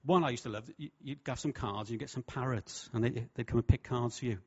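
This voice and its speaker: A man preaching a sermon with humour, lively and jokey, slipping into voices for quotes. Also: medium pitch, fairly quick, breathy edge. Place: church hall. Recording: dull, lo-fi sound.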